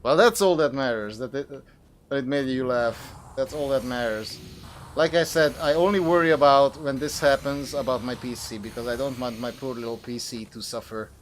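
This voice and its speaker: With a little hiss or hum on the recording, a young man speaks at normal speed in a mid-range voice while streaming a game. His live commentary is full of swearing and grumbling, frustrated with the enemy and his computer.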